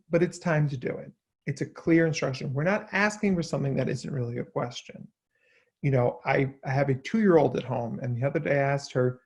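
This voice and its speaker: A man in his thirties talks through parenting advice in an earnest, self-deprecating way, often slipping into little acted-out lines of dialogue. His voice sits a touch higher than most men's. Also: fairly quick, darkish tone, husky. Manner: earnest and self-deprecating, acts out quoted requests. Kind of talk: reading a blog post aloud, informal asides.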